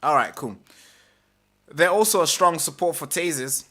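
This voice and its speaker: Bright-voiced ranting male stream host. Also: fairly high pitch, lively intonation, normal speed, faint music behind. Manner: ranting, swears, repeats himself, slips into mocking voices. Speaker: political commentary host. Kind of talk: live-stream commentary reading an article.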